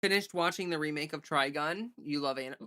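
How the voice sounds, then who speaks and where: A woman's voice: low voice, fairly quick, fairly bright tone. A woman livestreamer in casual, rambling chat who thinks aloud and thanks viewers for donations.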